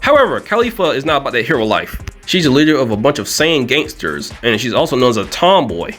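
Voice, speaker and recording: A man riffs quickly through a casual comedic rundown. His delivery is animated and joking, and he often leaps up in pitch to land a point. Faint music plays underneath. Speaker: video commentator.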